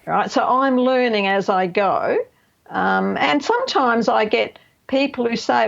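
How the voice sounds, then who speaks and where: Gravelly-voiced middle-aged woman guest, dull audio. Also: fairly high pitch, moderate pace. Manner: explanatory, emphatic, uses "right?" and "you know". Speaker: guest counsellor. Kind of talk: radio interview. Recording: slightly dull lo-fi radio audio.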